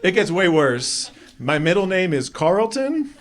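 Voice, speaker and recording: A man doing a stand-up comedy set on a club stage, with self-deprecating, deadpan asides. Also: high voice, a little slow, background noise. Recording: live club crowd audible. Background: audience laughing.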